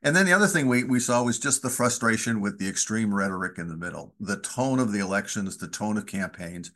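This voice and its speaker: Guy from wisconsin w a lowish voice, chatty and blunt, telling stories in an interview. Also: brisk, few pauses. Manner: candid, anecdotal, lively storytelling. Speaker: former congressman, podcast host guest. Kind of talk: conversational interview.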